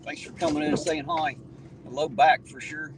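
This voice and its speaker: A man's voice: on the high side, steady tone, normal speed. Appalachian guy rambling to his live chat while he drives, mic kinda far off, lots of car noise. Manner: chatty, folksy, greets viewers by name. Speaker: livestream host. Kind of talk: casual live-stream chat, greeting viewers. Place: in a vehicle at night. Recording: distant mic with loud road noise.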